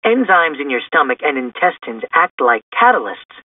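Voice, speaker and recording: A man's voice: on the high side, sing-song, moderate pace. A man reading a storybook aloud and voicing a brainy teenage girl who explains things precisely. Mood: explaining. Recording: distant, tinny phone-like sound.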